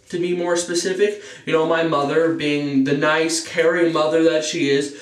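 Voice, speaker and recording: A teenage boy, his voice a touch high, tells a story in a loose, rambling way, and his pitch shoots up whenever he gets excited. He sits back from the mic in a bare, echoey room. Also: moderate pace, recorded from a distance. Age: teens. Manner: rambling, fills with "you know"; jumps up in pitch on excited parts. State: stuffy nose. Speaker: vlogger. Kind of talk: casual storytime monologue.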